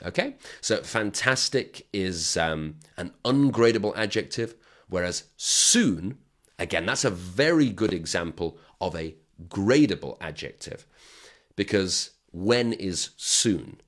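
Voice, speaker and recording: A man with a low, deep voice gives a recorded grammar lesson. His pitch rises and falls a lot as he explains step by step. He keeps checking in with the viewer in a patient way. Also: lively intonation, slow pace. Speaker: English teacher.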